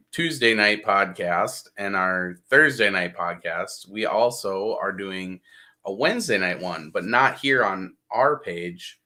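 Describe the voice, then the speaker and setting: Low, bright-toned man co-hosting a fishing show. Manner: easygoing, brief agreeing replies. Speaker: fishing podcast co-host. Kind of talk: casual chat.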